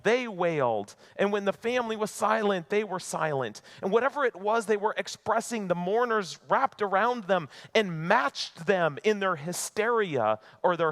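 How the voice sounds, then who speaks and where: Guy pastor giving a sermon, earnest, slightly high voice, gets loud then real quiet. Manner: earnest, shifts between emphatic and hushed.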